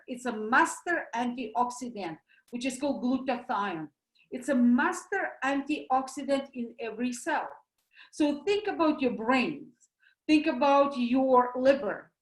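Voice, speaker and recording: A woman with a Russian accent gives a lively talk as a doctor, asking questions and answering them herself with homely comparisons. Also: sits high, roomy sound, low-quality recording. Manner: animated, uses homely comparisons, asks and answers her own questions. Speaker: doctor promoting supplements.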